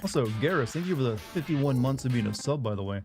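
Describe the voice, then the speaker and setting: A young man streaming a video game, chatting casually in a monotone and rambling with restarts. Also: mid-range voice, quick pace, soft background music. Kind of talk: casual chat while streaming.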